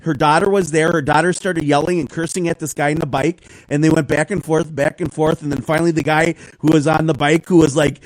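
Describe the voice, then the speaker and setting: A man tells a story on a talk show in a rambling, animated way, slipping into other people's voices as he goes. His voice sits a touch high, and the sound is dry and close, with no room echo. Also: brisk, hardly any pauses. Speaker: guest. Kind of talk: casual talk show conversation.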